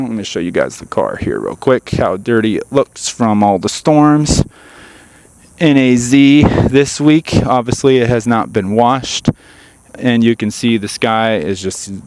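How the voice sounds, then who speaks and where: Low-voiced man chatting outdoors. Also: darkish tone, no room sound. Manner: chatty, addresses viewers directly. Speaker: car channel host. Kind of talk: casual vlog chat. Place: outdoors beside his car.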